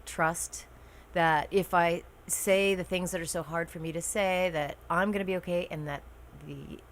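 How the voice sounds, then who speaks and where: A woman talking as a podcast guest, hesitant and soft-spoken, sharing personal struggles. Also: fairly low pitch, steady tone, moderate pace. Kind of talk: casual conversation.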